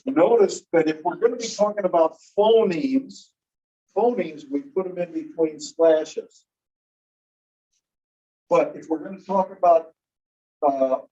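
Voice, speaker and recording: A male teacher giving a recorded lecture, patiently explaining and slowly repeating example words. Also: fairly high pitch, dark tone. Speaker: linguistics teacher. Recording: distant, dull lecture recording.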